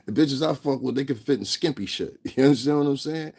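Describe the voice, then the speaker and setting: Brief: husky male vlogger, mid-pitched, profane and blunt, emphatic rant. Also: quick pace, mellow. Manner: profane, blunt, emphatic, laughs between points. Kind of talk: ranting commentary.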